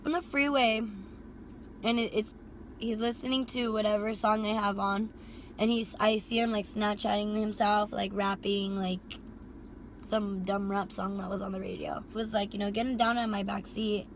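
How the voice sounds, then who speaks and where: A young woman casually telling a storytime about her driving job, animated, swearing freely and filling with "like". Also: mid-range voice, normal speed, slight background noise. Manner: animated, heavy swearing and filler "like". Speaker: rideshare driver and vlogger.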